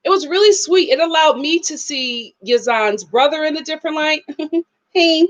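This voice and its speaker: A young woman with a high voice chats through a reality show review. She is animated and sassy, laughing often and acting out the people she describes. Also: normal speed. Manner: animated, laughing, acts out quotes, sassy asides. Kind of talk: casual live review chat.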